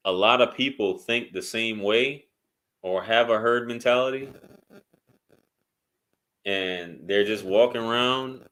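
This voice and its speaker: Low, forceful man ranting on a vlog. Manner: blunt, profane, rambling with restarts. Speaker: YouTube commentator. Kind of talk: casual commentary vlog.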